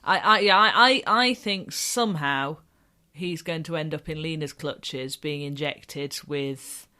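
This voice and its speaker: A woman's voice: sits low, a little slow, pushed and bright. A woman co-hosting a podcast, chatting casually about a TV show and laughing often. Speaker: podcast co-host. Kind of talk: casual TV review chat.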